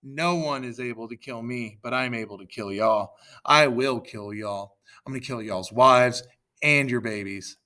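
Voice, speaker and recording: Brash taunting hero warrior read by a man, loud and bright-edged, mocking shouts. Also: fairly low pitch, measured pace, hardly any pauses, clean tone. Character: boastful invincible male warrior, taunting.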